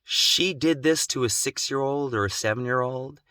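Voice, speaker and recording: An adult man telling a personal story in an emotional, intense way, growing slow and quiet at its gravest. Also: mid-range voice, smooth, no echo. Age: adult, has children. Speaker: vlogger.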